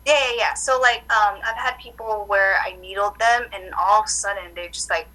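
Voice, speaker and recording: A woman acupuncturist chatting casually in an interview, telling animated stories full of "like" fillers. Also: medium pitch, normal speed, low-quality recording. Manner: animated storytelling, many "like" fillers. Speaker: acupuncturist guest.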